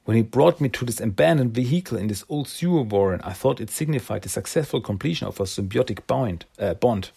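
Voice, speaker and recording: A man's voice: medium pitch, animated, brisk, gravelly, few pauses, dark tone, breathy edge. A man voicing a scheming male alien warlord in a stiff, formal tone while retelling a comic. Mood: grateful scheming. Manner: stiff formal villain speech.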